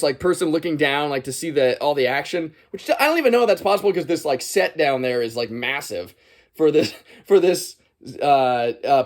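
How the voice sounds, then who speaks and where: Rambling, chuckling male movie reviewer. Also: on the high side. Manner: rambling, meandering, chuckling often. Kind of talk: casual movie commentary.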